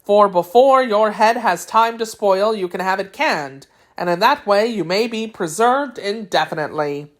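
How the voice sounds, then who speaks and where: A woman's voice: medium pitch, normal speed, hardly any pauses, lightly acted. A woman doing a courtly kindly tin emperor. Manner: warm, effusive, courtly.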